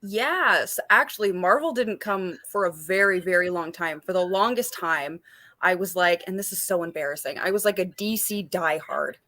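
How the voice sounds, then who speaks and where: Uma mulher de uns trinta anos, convidada de um bate-papo ao vivo, falando de forma descontraída e rindo com facilidade. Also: female voice, fairly low pitch, normal speed, sharp tone. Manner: chatty, laughs easily, fillers like "like". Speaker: panel guest. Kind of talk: casual livestream panel chat. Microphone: video call.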